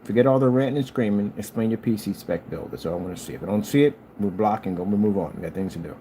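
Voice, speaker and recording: A man hosting his own channel talks fast in a casual, rambling monologue with slight background noise behind him. He's an animated storyteller whose voice jumps high whenever he quotes someone, and he scolds a critic by speaking straight to them.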